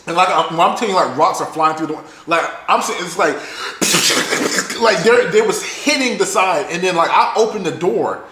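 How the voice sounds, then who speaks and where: Animated high-voiced man telling a story. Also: echoey room, noisy background. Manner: animated, profane, fast-talking storyteller. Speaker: podcast co-host. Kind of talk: casual storytelling chat.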